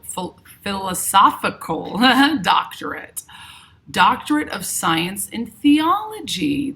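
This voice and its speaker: A woman's voice: medium pitch, sing-song, slow pace, bright, forceful tone. A middle-aged woman from New York with a slight New York accent, chatting casually as host of a live stream and reading viewer comments aloud.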